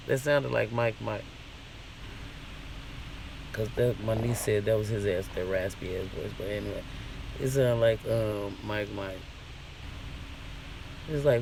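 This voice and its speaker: A man's voice: mid-range voice, steady tone, normal speed, slight background noise. A man vlogging a casual, profane rant in an indignant, questioning way.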